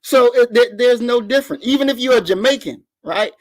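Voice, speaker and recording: A man's voice: very high-pitched, a little fast. A man speaking as a guest on an online talk radio show, making an emphatic, lecturing argument and often repeating words as he builds his point.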